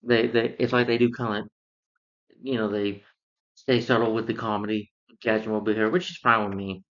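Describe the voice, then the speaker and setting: A man's voice: fairly low pitch, flat delivery, brisk, a bit bright. Rambling male film reviewer, lo-fi sound. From lives in Georgia, US. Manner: rambling, filler-heavy retelling of the plot. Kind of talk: casual spoken film review.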